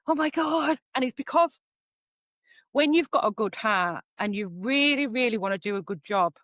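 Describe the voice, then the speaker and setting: A middle-aged woman, a psychic medium guest on a podcast who talks in a lively, chatty storytelling way. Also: medium pitch, no room sound, clean studio sound. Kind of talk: casual podcast conversation.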